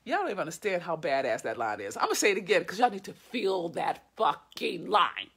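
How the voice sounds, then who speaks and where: A woman's voice: fairly low pitch, big pitch swings, fairly quick, fairly bright tone, slightly rough. A woman reading her own story aloud and breaking off to gush and swear about her characters. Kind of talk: live reading with commentary.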